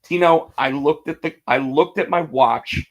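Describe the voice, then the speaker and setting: Animated, higher-voiced male podcast host. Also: a little slow. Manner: animated storytelling, acts out quotes, many restarts. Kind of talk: casual wrestling chat.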